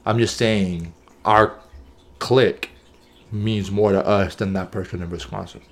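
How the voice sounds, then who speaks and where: A man's voice: on the low side, fairly even intonation, unhurried, slight background noise. A man co-hosting a podcast in casual chat, earnest and thinking aloud, often checking in with "right?". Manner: earnest, thinks aloud with many "right?" and "you know what I'm saying?". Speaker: podcast co-host.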